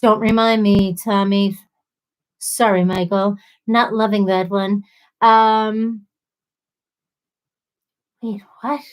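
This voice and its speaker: A woman hosting a casual live stream, reading viewer comments aloud and answering them with sympathy and playful asides. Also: on the high side. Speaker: livestream host.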